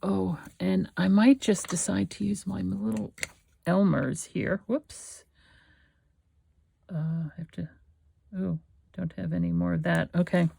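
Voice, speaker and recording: Gluing and piecing together a collage, a female craft host murmurs her thoughts to herself in a casual walkthrough. Her gravelly, mellow voice is on the low side with fairly even intonation, a little slow and marked by long pauses, over slight background noise.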